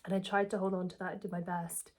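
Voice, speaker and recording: A woman's voice: lowish voice, level tone, quick pace. A woman, telling a personal story and giving self-help advice in a candid, reflective, earnest way.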